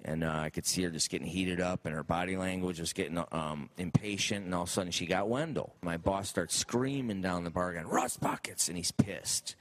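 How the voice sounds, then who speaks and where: A male comedian telling a stand-up story in an animated way, acting out the quotes. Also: low-pitched, a little fast, hardly any pauses, a little hiss or hum.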